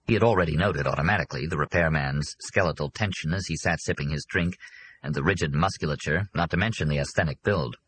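Low, husky male audiobook narrator. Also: quick pace, a bit bright.

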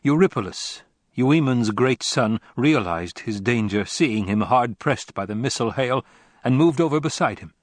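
Guy reading an old epic poem, slow and dramatic, middle pitch, dry close sound. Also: expressive, no echo. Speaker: narrator. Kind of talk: scripted narration of an epic poem.

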